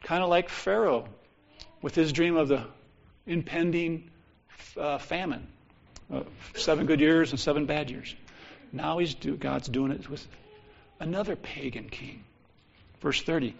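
A man preaching a Bible teaching sermon, reading old scripture slowly and solemnly, then explaining it in casual asides. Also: fairly high pitch, gravelly. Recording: dull lo-fi recording.

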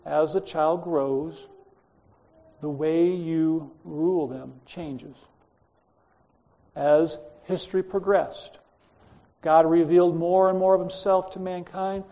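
A man's voice: on the high side, fairly even intonation, takes it slowly, long pauses, dark tone, lo-fi sound. A man teaching a Bible class, lecturing and telling stories from his school days to students, speaking to them directly in a chatty way.

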